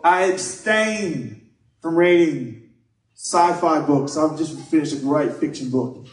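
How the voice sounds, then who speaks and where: Male preacher, earnest and chatty delivery, slightly higher voice, distant mic. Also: slow. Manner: earnest, conversational preaching with personal stories. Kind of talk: sermon. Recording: echoey room, mic at a distance.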